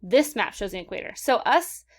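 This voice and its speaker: A woman teacher giving a recorded vocabulary lesson to children in an upbeat manner, slowing down to stress key words. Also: medium pitch, animated. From California. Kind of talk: recorded classroom lesson for kids.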